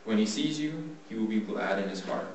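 A man with a fairly low voice gives an earnest devotional Bible talk, reading scripture slowly and then explaining it in plain everyday words. He is heard from a distance in a very echoey room. A faint hiss sits under his voice. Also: expressive. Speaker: speaker giving a Bible talk.

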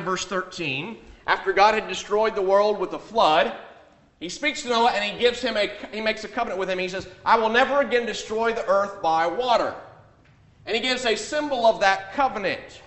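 A man preaching a sermon, emphatic, rising on key points and dropping low on asides. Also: sharp tone. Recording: echoey room.

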